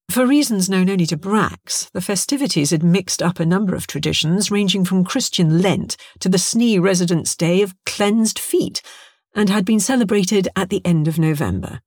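A woman narrating an audiobook in an expressive, storytelling way. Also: on the low side, dry recording, clean studio sound. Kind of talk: scripted narration.

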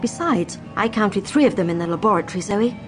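A woman's voice: medium pitch, lively intonation, fairly quick, music in the background, lightly acted. A woman voicing a shrewd male adventurer who speaks in a firm, reassuring way.

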